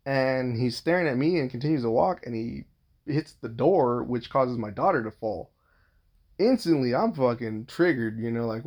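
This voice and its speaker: A man's voice: mid-range voice, normal speed, darkish tone. A man telling a rambling personal story in a casual monologue, swearing freely and restarting his sentences.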